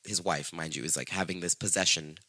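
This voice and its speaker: A man hosting a podcast, telling a true-crime story in a casual, profane, slangy way and acting out the quotes in high squeaky voices. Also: brisk, no room sound. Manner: profane, slangy, animated retelling with acted-out quotes. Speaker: podcast host.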